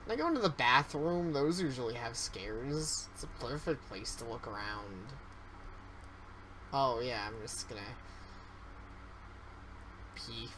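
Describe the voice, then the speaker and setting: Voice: medium pitch, expressive, a little slow, long pauses, background noise. A streamer giving joking, self-aware commentary while playing a horror game. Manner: jokey and self-aware, reacting to scares. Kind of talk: casual let's-play commentary.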